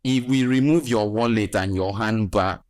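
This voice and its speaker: A man's voice: on the low side, normal speed, darkish tone, no echo, studio quality. A man with a Nigerian accent hosting a health podcast as a nurse, talking emphatically with teasing asides.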